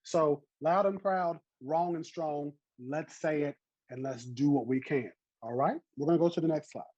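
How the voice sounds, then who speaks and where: A man's voice: on the high side, moderate pace, warm tone, slightly rough, no echo, muffled recording. A man in his thirties with a Southern US accent, teaching an online botany class in a chatty, encouraging way over a video call. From American South.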